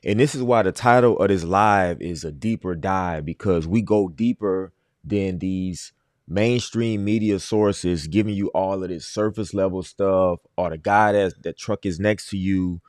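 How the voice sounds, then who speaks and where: A man's voice: sits low, a little mellow, no room sound, clean studio sound. A man hosting a livestream, talking in a casual, emphatic way and repeating his points. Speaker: livestream host.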